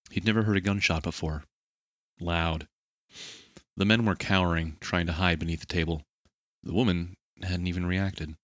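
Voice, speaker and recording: A man with a very deep voice narrates an action scene in steady, measured audiobook style. The recording is dry and close, with no room sound. He keeps an even storytelling pace. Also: dry recording, lo-fi sound.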